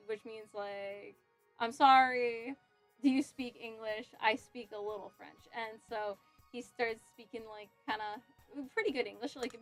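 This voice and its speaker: A young adult woman chatting casually on a cosplay livestream while she works, telling stories with frequent giggles. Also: on the high side. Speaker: cosplay streamer.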